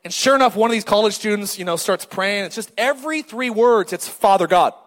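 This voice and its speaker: Joking high-voiced male pastor. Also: a little fast, long reverb tail. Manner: animated, joking, calls for crowd response. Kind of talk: sermon.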